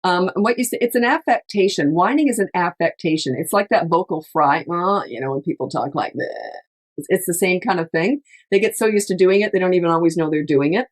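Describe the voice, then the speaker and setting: Middle-aged woman, lowish voice, parenting coach, chatty and emphatic. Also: lively intonation, fairly quick. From Canada. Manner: chatty, emphatic, laughs often, acts out quotes. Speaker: parenting coach, podcast host. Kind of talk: casual advice chat.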